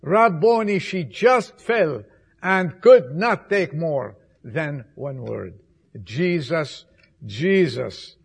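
Male preacher, sermon, raspy voice, fairly high pitch, dramatic loud-to-soft swings. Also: animated. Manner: slow, emphatic delivery with repetitions. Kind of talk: Easter sermon.

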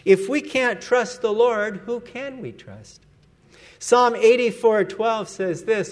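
Slow high-voiced earnest male preacher. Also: animated. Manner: earnest, emphatic, lets his voice fall at phrase ends. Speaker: pastor. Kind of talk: sermon.

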